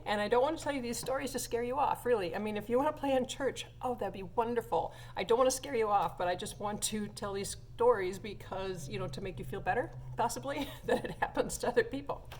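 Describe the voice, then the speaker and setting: A woman's voice: a little high, fast, hardly any pauses, darkish tone, slight background noise. A woman who plays organ in church, telling a funny story in a chatty way with lots of fillers and laughs. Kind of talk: casual anecdote to viewers.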